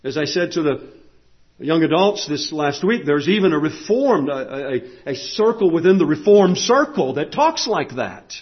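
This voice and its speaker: High, lively-voiced preacher man, lo-fi. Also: normal speed. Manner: emphatic, repeats key phrases, swings from loud to hushed. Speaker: pastor. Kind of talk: sermon.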